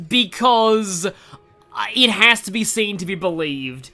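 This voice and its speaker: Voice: medium pitch, lively intonation, takes it slowly, bright, forceful tone. A young adult in their twenties with an Australian accent, chatting enthusiastically through casual game stream commentary, often restarting sentences. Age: 20s.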